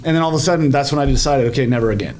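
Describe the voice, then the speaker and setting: A man co-hosting a podcast, telling a story in an animated, profane way in casual chat. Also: mid-range voice, rapid-fire, slight background noise. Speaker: podcast co-host.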